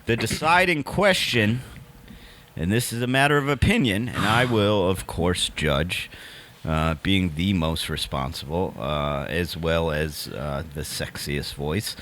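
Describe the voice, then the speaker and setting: A man co-hosting a comedy podcast in casual banter, deadpan and mock-serious, often stopping and restarting. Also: sits low, measured pace, a little hiss or hum. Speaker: podcast co-host. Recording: music playing behind.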